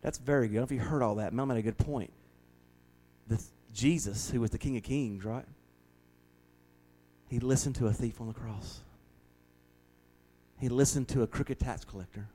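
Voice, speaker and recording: A man's voice: mid-range voice, moderate pace, long pauses, warm tone, rough recording. A man who is a pastor, earnestly leading a Bible study and often repeating words as he starts a thought.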